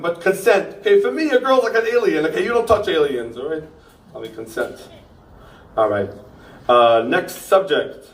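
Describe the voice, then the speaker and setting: A young man performing a stand-up comedy set, ranting with punchy asides and tagging jokes with a quick "okay?". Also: on the high side. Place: pop-up theater stage. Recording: roomy theater sound from far off.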